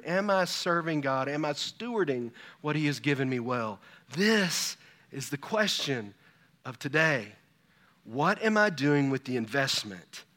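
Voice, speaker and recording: A man's voice: fairly high pitch, bright, forceful tone. A pastor in his fifties preaching a sermon, full of rhetorical questions and personal stories. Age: 50s.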